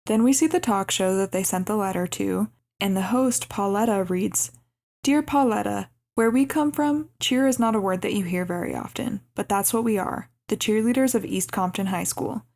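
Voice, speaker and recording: Gravelly young woman recapping a movie. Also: mid-range voice, normal speed, hardly any pauses. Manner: narrates the plot in an even recap, with light laughs. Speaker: podcast co-host. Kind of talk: casual chat recapping a movie.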